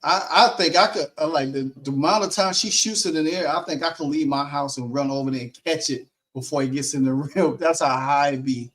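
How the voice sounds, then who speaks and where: Guy cohosting a postgame sports stream, kinda high voice, lively, laughs a lot. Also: brisk, hardly any pauses. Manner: animated, laughs easily, acts out quotes. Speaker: sports talk co-host. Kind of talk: casual post-game sports talk.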